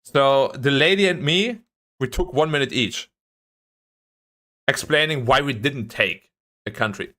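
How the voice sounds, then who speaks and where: A man's voice: mid-range voice, measured pace, long pauses. A young man streaming, chatting casually about a training day and ranting with frequent swearing. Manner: animated ranting, swears, voice jumps up when annoyed. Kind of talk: casual chat.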